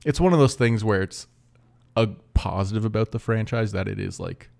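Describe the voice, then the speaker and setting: A man's voice: fairly low pitch, normal speed, creaky, darkish tone. A young man co-hosting a movie podcast, laid-back and casual, explaining things to his co-host. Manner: laid-back, drifts into mock quotes.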